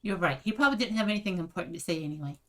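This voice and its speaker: A woman's voice: on the low side, lively intonation, rapid-fire, pushed and bright. A woman streaming a video game and chatting casually with frequent laughter. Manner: chatty, giggly.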